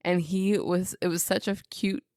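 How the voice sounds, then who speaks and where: A woman co-hosting a podcast in casual chat, an animated storyteller who acts out what people said. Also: on the low side, moderate pace, dry recording, studio quality. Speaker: podcast co-host.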